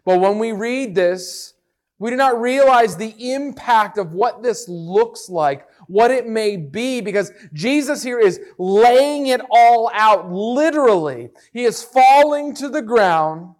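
Male preacher with a high voice and a slow, earnest, emphatic devotional delivery. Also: animated, a little mellow. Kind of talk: devotional Bible teaching.

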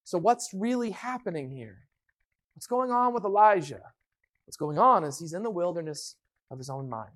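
A preacher giving a sermon with a Bible reading, speaking emphatically and acting out the voices in the quotes. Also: mid-range voice.

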